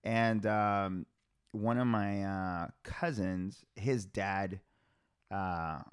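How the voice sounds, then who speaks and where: A young man hosting a podcast, telling a story in a loose, animated way, laughing often and leaning on filler words. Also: fairly low pitch, very slow, smooth, no echo, studio quality. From Hispanic family background. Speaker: podcast host. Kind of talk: casual storytelling chat.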